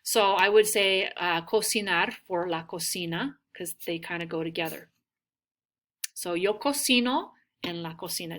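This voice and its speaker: A woman teaching a recorded language lesson, modelling each word slowly and asking students to repeat. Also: mid-range voice, pushed and bright. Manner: models words slowly, prompts repetition. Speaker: Spanish teacher.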